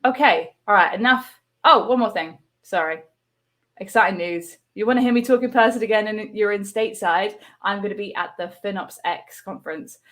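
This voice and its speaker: A woman's voice: mid-range voice, fairly quick, fairly bright tone. An English woman hosting a livestream show over a video call, chatty and enthusiastic. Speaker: host.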